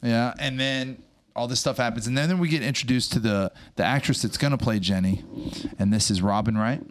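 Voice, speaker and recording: Brief: male podcast host, 30s, animated, asks lots of quick questions. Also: mid-range voice. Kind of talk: casual chat.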